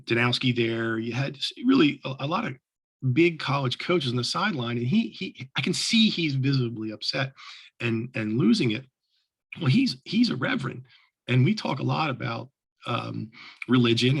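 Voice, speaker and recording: A middle-aged man, a lacrosse official, telling stories to fellow officials in an animated way with many restarts. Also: medium pitch, slightly rough. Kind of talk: storytelling talk to officials.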